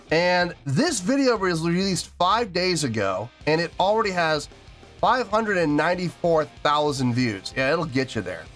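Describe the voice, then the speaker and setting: A man's voice: on the high side, fairly bright tone. Earnest man rambling about music. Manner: earnest, rambling, repeats himself. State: choked up, teary. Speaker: music reaction host. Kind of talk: casual reaction video talk.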